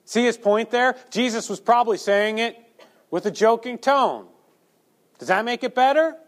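A man's voice: very high voice, moderate pace. A male preacher delivering a sermon, asking the listeners rhetorical questions and acting out quotes.

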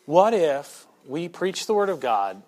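A pastor preaching a sermon to his church, shifting from quiet asides to loud, emphatic points. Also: fairly high pitch, big pitch swings, a little slow. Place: church sanctuary.

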